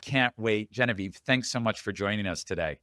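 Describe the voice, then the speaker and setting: A man with a fairly low voice hosts a podcast interview. He sounds openly moved and is generous with praise. The recording is dry and close. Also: a little fast, dry recording. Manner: warmly moved, effusive praise. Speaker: podcast host.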